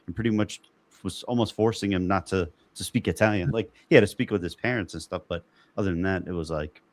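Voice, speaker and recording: Low-voiced male podcast host. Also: fast, no echo. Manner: rambling, laughs often. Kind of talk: casual roundtable chat.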